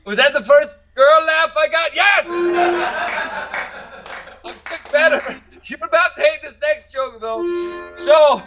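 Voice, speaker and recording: A man's voice: extremely high pitch, slow, long pauses, loud music behind the voice. A man doing an open-mic stand-up set who keeps checking how the audience reacts to his jokes. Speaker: stand-up comedian.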